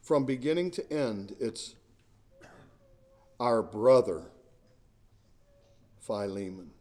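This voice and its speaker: A man's voice: on the low side, animated, slow pace, darkish tone. A middle-aged male pastor preaching a sermon in an earnest, emphatic way, often repeating words as he searches for the next phrase.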